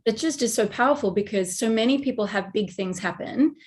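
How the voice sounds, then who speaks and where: A woman's voice: a little high, fairly quick, darkish tone. A woman hosting a podcast, effusive and reflective in her replies. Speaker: podcast host. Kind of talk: conversational interview.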